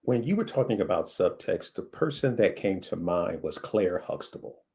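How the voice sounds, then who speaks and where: Animated middle-aged male interviewer. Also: low-pitched, moderate pace. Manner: animated storyteller, self-correcting. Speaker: interview host. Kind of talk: interview conversation.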